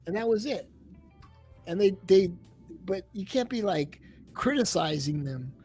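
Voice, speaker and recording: A man's voice: high voice, measured pace, soft background music. A man hosting a livestream in casual chat, rambling and swearing as he tells stories. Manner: profane, rambling, animated storytelling. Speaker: livestream host.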